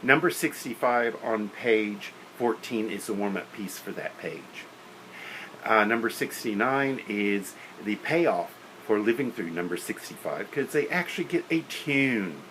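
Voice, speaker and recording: A man's voice: lowish voice, animated, measured pace, fairly bright tone, a little hiss or hum, poor audio. A man lecturing on teaching beginner band, practical and opinionated, counting and singing rhythms aloud. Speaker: music teacher.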